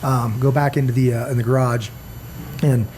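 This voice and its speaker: A middle-aged man with a mellow, warm voice tells a long, rambling story to friends on a podcast. He is earnest and drops into little bits of quoted dialogue as he goes. A faint noise sits under the recording. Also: medium pitch, steady tone, normal speed. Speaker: podcast host. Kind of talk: casual storytelling chat.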